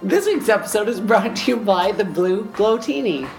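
Woman hosting a podcast, lively up and down voice, teasing, echoey room, music behind. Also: medium pitch, normal speed. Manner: animated, punning and teasing. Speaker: podcast host. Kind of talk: casual chat.

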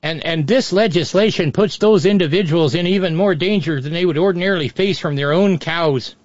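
A man's voice: high-pitched, a little fast, no echo. A man giving off-the-cuff political commentary, sardonic and profane, rambling with frequent restarts. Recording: dull, dry lo-fi audio.

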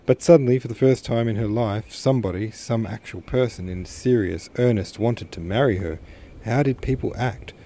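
Low, dark-voiced male narrator. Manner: measured, with occasional self-corrections. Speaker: podcast host and reader. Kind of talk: audiobook narration of a classic novel.

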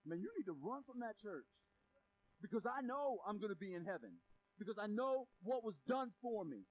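A man preaching a sermon in a lively, conversational way, with sudden loud and quiet turns. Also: sits high, normal speed, rough recording. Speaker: pastor.

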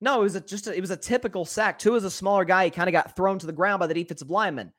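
A solo sports podcast host with a high-sitting voice speaks rapid-fire, offering animated, opinionated commentary. He tends to repeat words as he thinks things through.

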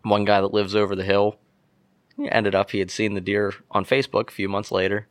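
A young man from Pennsylvania, a podcast guest telling an animated story and acting out what people said. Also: lowish voice, fairly quick, dry recording, clean studio sound. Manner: animated storyteller, acts out quotes. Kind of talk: casual storytelling.

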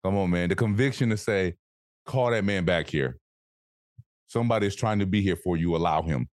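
A man co-hosting a podcast in casual chat, animated and swearing freely, acting out voices as he tells stories. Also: deep voice, a little fast, no echo, clean studio sound. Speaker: podcast co-host.

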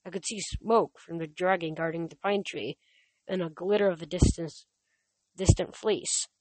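A podcaster reading a novel aloud in a lowish, dry, close voice. She trips over words and restarts often, and she chats casually between chapters. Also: steady tone, moderate pace, a little mellow, no room sound. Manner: stumbling restarts, many fillers.

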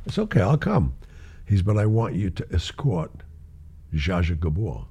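An older man with a low, slightly rough voice shares show-business stories at a moderate pace. It's a casual anecdote, told animatedly, with him acting out the quoted voices and often laughing.

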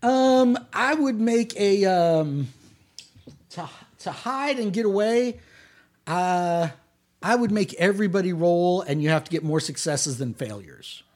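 A man narrating a tabletop game as game master, playful and quick to laugh. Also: sits high, expressive, darkish tone.

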